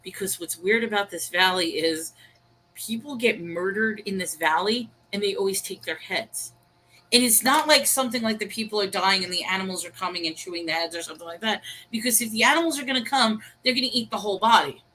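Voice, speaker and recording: Bright, animated woman co-hosting a chat. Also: medium pitch, a little fast, slight background noise, poor audio. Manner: animated storytelling, chatty. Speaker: co-host. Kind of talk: casual online chat.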